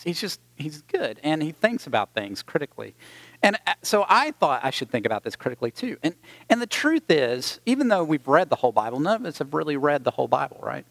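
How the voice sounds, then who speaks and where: Conversational pastor, dry close sound. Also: male voice, medium pitch, no room sound. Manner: storytelling, conversational with fillers. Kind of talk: sermon with gospel reading.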